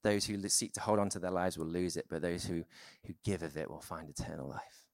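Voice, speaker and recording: Here a man gives a sermon as if chatting, his low voice frequently breaking for filler words. He's recorded up close and dry, with almost nothing of the room audible.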